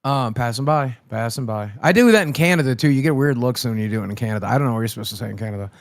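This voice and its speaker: An American man hosting a livestream, brash and profane, mocking his guest in loud banter. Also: medium pitch, rapid-fire, dry recording, clean studio sound. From United States. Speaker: host.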